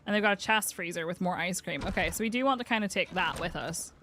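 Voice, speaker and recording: A woman's voice: on the low side, fast, noisy background. A woman chatting through gameplay commentary as a streamer, talking to her game character and swearing casually.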